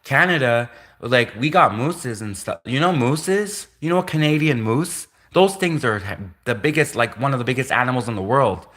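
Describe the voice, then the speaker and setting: A man's voice: mid-range voice, lively intonation, moderate pace, few pauses, fairly bright tone. A man live-streaming a casual, rambling monologue, repeating himself and laughing at his own jokes.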